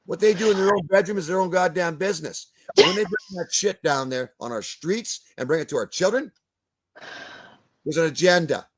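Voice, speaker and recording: A man's voice: high voice, brisk, husky. Ranting older man. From Canada. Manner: ranting, blunt, swears, repeats words. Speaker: guest. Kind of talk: heated video-call discussion.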